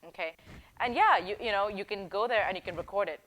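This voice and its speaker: A woman's voice: medium pitch, a little fast, a bit bright, low-quality recording. A woman giving workplace advice in a direct, emphatic, conversational way, often checking in with "okay?" and "right?". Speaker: workplace empowerment coach. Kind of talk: advice video talk.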